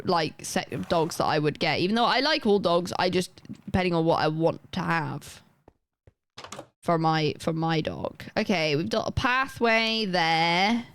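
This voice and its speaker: A young woman chatting casually on a live gaming stream, rambling and self-deprecating with quick asides. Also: on the low side, a bit bright, clean tone. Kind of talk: casual chat while gaming.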